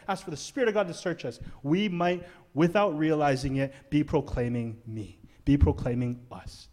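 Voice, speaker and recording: A pastor preaching a conversational, emphatic sermon in church, asking the congregation questions. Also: male voice, sits high.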